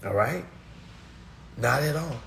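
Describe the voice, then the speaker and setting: A man's voice: mid-range voice, lively intonation, slow, vocal fry, a bit bright, slight background noise. A man hosting a casual livestream monologue and answering viewer comments. He is blunt and preachy, repeats his points and keeps checking in with "all right?". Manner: emphatic and repetitive, hammering single words.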